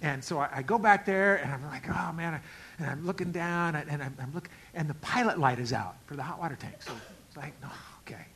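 Bright-voiced animated male preacher. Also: on the high side, quick pace, slightly rough, low-quality recording. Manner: animated, acts out dialogue with big swings in loudness. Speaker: pastor. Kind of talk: sermon storytelling.

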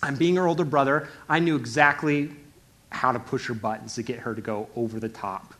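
A young man giving a casual, animated sermon, acting out the voices in the story as he retells it. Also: mid-range voice, fairly quick.

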